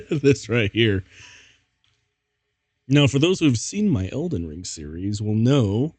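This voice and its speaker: A man's voice: medium pitch, sing-song, slow, pauses often, a little mellow, husky, no echo. A man streaming as he reads fan fiction aloud, giggling and breaking up with laughter. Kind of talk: casual comedic reading.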